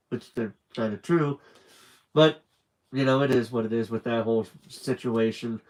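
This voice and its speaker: A man reading a children's book aloud on a live stream with lively, animated narration and chatty asides. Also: mid-range voice, normal speed, rough recording.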